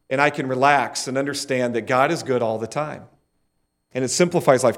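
A man's voice: fairly high pitch, fairly quick. A middle-aged man preaching a sermon and leading the congregation in call-and-response. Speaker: pastor.

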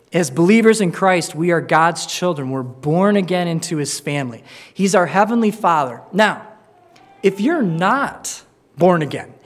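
High-voiced man preaching a sermon. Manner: earnest, restarts words, acts out quoted voices. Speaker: pastor. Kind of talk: sermon with Bible reading.

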